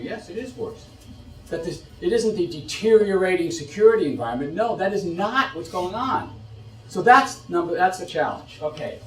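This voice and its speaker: A man's voice: high voice, recorded from a distance. Middle-aged man lecturing in an echoey room. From United States. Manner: animated, rhetorical questions, repeats phrases. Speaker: policy expert giving a talk. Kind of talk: lecture to an audience.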